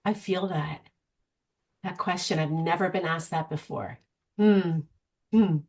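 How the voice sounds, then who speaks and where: A middle-aged woman, a guest coach, talking in an animated, storytelling way during an interview. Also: on the low side, a little slow, pauses often. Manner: animated, storytelling, frequent restarts. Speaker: guest, vision board coach. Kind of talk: conversational interview.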